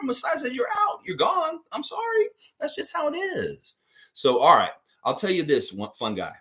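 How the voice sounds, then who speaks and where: A man's voice: on the high side, fairly bright tone. A man hosting a live sports fan stream, ranting heatedly about coaches, swearing and laughing as he talks.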